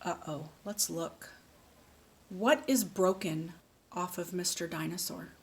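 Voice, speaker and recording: Slow, breathy woman reading to a child. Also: on the low side. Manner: slow, patient, asks the child questions. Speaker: speech therapist. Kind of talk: reading a picture book to a child.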